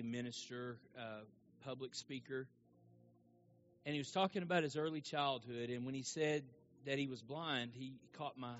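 A man's voice: mid-range voice, a bit bright. A man preaching a sermon in a church service, telling a story in a conversational way to the congregation. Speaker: pastor. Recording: dull lo-fi sound.

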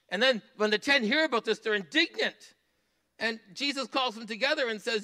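A man preaching a sermon in a church, earnest, rising to emphatic passages and dropping to soft asides. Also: high-pitched, a little fast. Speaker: pastor.

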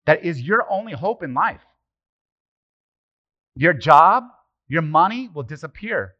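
A middle-aged man preaching a casual, conversational sermon as pastor, animated and joking, throwing rhetorical questions at the congregation. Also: on the high side. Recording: slightly muffled, dry sermon recording.

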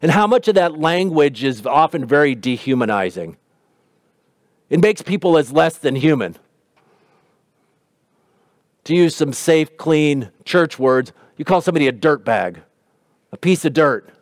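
A man's voice: a little high, expressive, measured pace, pauses often, no room sound. Earnest male preacher, dry sound. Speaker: pastor. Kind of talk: sermon.

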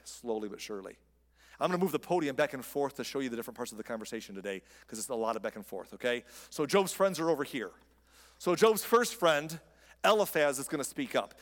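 A male preacher delivering a sermon in a conversational, animated storytelling manner, speaking from a podium in a large hall. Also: mid-range voice. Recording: long reverb of a large hall.

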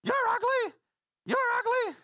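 Shrill rude parrot. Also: male voice, unhurried, no room sound, dull audio, heavily acted. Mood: taunting. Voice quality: shrill squawk. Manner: repeats insults in loud bursts. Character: rude squawking talking parrot.

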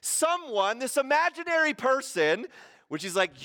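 A man's voice: a little high, animated, measured pace, fairly bright tone, long reverb tail. A man preaching a sermon in a church in a conversational, playful way, full of rhetorical questions. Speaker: pastor. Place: church hall.

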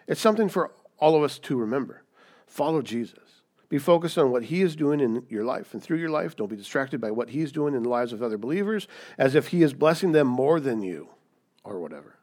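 A man preaching a sermon, animated and emphatic, asking his listeners rhetorical questions as he teaches. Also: a little high. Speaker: pastor.

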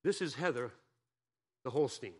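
A man's voice: medium pitch, lively intonation, normal speed, breathy edge. Folksy joking male preacher. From Massachusetts. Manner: folksy and joking, with homespun stories; asks the congregation questions. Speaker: guest pastor. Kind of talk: sermon.

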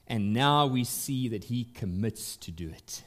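A man pastor preaching a sermon at a church service, emphatic and deliberate, swinging up in pitch and volume to press his points. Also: lively intonation.

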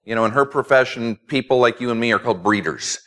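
A man's voice: mid-range voice, fast talker, fairly bright tone. A man preaching a sermon as pastor, earnest, with emphatic repetition.

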